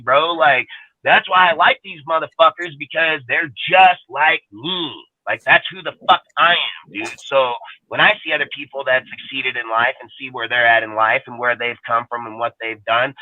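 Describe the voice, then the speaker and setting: A man's voice: on the high side, dry recording. Dude ranting in his car, swears nonstop, says bro a lot, phone-line sound, super dry. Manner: blunt, heavy swearing, repeats "bro" and "dude". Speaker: podcast host. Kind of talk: profane fan rant on a live stream. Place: inside a parked car in freezing weather. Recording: dry, tinny phone-quality audio.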